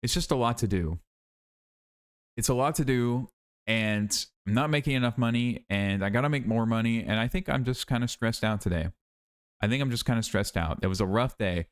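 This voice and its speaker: A man's voice: mid-range voice, moderate pace, smooth. A tired young man rambling in a casual vlog monologue, self-critical and repeating himself. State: tired, worn out. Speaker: YouTuber.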